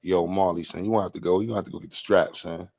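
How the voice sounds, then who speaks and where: A man's voice: low-pitched, steady tone, very fast, creaky, a little mellow. A man hosting a livestream, talking in a loose, rambling, slangy way with frequent laughs. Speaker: livestream host. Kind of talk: casual livestream chat.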